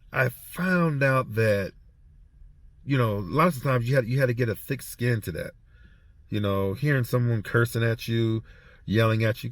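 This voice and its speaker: A man's voice: mid-range voice, no echo. A former prison officer talking through a casual spoken reflection, a man who halts and repeats words as he tells stories. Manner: halting, repeats words while storytelling. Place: heading home after treatment.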